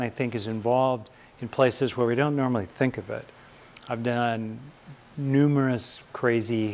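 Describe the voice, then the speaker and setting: This is an older man from California reflecting on fear and courage, stopping often and building emphasis where it matters most. He has a medium-pitched, gravelly voice.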